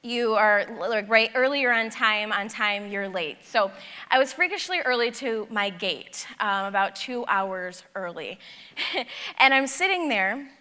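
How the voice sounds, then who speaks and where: A woman giving a personal storytelling talk at a conference, animated and acting out the dialogue. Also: mid-range voice, unhurried. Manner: animated, acts out dialogue in her stories. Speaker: conference speaker. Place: large conference hall. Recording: long hall reverb.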